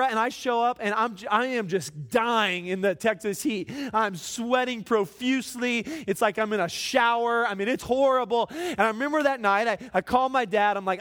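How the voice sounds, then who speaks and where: A man's voice: high voice, moderate pace, hardly any pauses. A middle-aged man preaching to a live audience, telling a self-mocking story with lots of restarts and repeated words. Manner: animated, self-mocking, repeats words when starting a thought.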